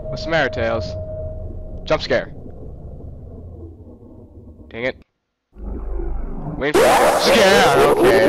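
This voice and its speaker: A man giving crude, jokey commentary on a horror game, reacting loudly to the scares. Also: a little high, low-quality recording. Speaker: gameplay commentator. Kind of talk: let's play commentary. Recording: game music playing under the voice. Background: game music.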